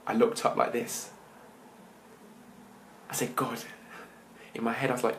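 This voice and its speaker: A man, a motivational speaker, telling his personal story to an audience with dramatic pauses, often dropping his voice to near-whispers. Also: mid-range voice, flat delivery, a little hiss or hum, poor audio.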